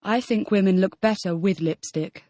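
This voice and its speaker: A woman reads the model answers in a scripted audio language lesson, acting as the model student and repeating each question as a full-sentence answer. Her medium-pitched voice is warm at a moderate pace. The recording is dry, with clean studio sound.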